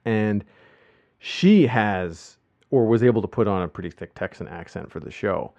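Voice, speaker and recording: A man talks through a casual podcast chat in a lower-pitched voice, wandering from thought to thought and restarting his sentences often. The recording sounds dull and lo-fi, as if the highs were cut off. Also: normal speed, vocal fry, dark tone, dry recording. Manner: rambling, with many restarts and fillers. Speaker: podcast host. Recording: muffled lo-fi podcast audio.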